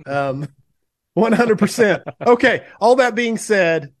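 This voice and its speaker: A man's voice: high-pitched, expressive, slow. A man hosting a podcast, reading guest introductions and sponsor plugs in an upbeat, gushing way with small fillers. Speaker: podcast host. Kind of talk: show intro and sponsor reads.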